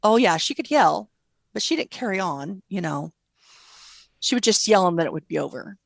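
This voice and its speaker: A middle-aged woman, a guest mother, telling gentle stories about her daughter in an interview. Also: fairly low pitch, normal speed, creaky, no room sound. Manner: tender, animated quoting of her child. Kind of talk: storytelling interview.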